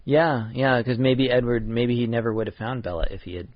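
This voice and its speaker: A man's voice: medium pitch, steady tone, fairly quick. A man co-hosting a podcast in casual chat, laid-back, laughing often and trailing off mid-thought. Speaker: podcast co-host. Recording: dull lo-fi sound.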